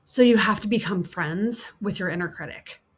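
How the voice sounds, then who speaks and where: A woman coach giving an earnest teaching talk. She repeats key points for emphasis, voices the harsh inner critic, and slips into a soft, soothing tone. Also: medium pitch, normal speed, breathy edge. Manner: soft, soothing tone for self-kindness.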